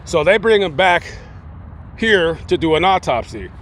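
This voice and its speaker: A man casually retelling a true-crime story, rambling and acting out the quotes in animated voices. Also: high voice, a little slow, a little hiss or hum. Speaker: YouTube storyteller.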